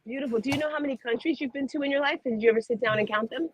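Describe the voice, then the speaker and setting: A woman in her fifties hosting a morning motivation show over a video call, bubbly and excitable. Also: sits high, racing, slight background noise. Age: 50s. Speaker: show host.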